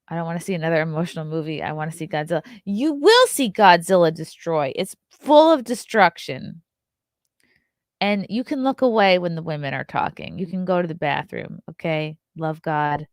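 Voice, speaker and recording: Low-voiced joking woman reviewing a movie. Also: no echo, clean studio sound. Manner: animated, jokey, acts out voices of characters. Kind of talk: casual comedic movie review.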